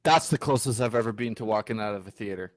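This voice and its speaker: A man's voice: fairly low pitch, fast, dry recording. A man in his thirties in a casual online chat, ranting with lots of swearing. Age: 30s. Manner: profane, ranting.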